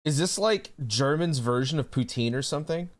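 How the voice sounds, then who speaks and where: A man's voice: fairly high pitch, animated, moderate pace. A man streaming live who chats casually with his audience in a laid-back way, swearing often and calling people bro.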